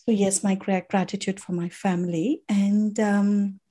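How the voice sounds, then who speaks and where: Emotional woman with a husky, mellow voice. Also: mid-range voice, flat delivery, unhurried. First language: Tamil. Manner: heartfelt, grateful, restarts sentences. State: emotional, near tears. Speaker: podcast guest. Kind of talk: emotional personal storytelling.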